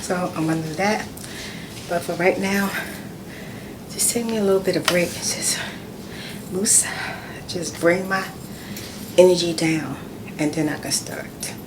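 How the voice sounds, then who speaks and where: Relaxed, low-voiced woman chatting to camera. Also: a little slow, pauses often, noisy background. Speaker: vlogger. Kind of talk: casual vlog chat.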